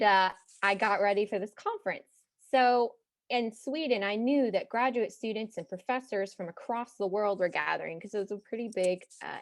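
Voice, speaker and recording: A young woman from Texas with no regional accent, telling a personal story to an audience in a chatty, animated way with side remarks. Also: mid-range voice, dry recording. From Texas, United States.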